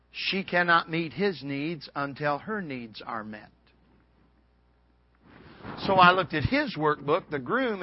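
A man preaching a revival sermon in a folksy, storytelling way, rising to loud peaks and dropping to a hush. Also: a little high, breathy edge. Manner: swings from loud shouting peaks to hushed near-whisper. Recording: dull lo-fi recording.

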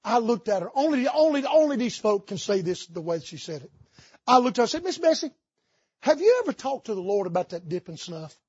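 A man preaches from the pulpit, spinning folksy stories. His voice sits high and a bit husky. The sound is dry and dull, with a muffled, lo-fi edge. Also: big pitch swings, brisk, a little mellow, dry recording. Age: 50s. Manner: folksy storytelling with Southern idioms. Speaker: pastor. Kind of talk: sermon. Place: church sanctuary.

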